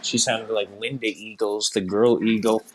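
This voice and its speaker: A man's voice: fairly low pitch, fairly even intonation, normal speed, slight background noise. A man hosting a casual chat, playful and goofy, trying silly voices.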